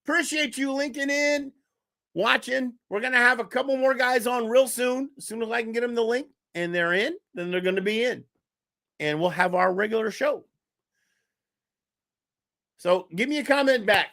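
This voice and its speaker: A man hosting a casual live-streamed sports talk show, animated and scattered, laughing while he juggles links and texts. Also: very high-pitched, normal speed, pauses often. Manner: animated, laughing, talks to chat and co-hosts. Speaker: podcast host.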